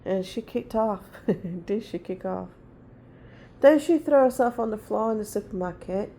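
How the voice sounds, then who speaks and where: A woman's voice: medium pitch, expressive, unhurried, warm tone. Blunt rambling woman in her forties. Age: 40s. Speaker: vlogger. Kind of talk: casual chat.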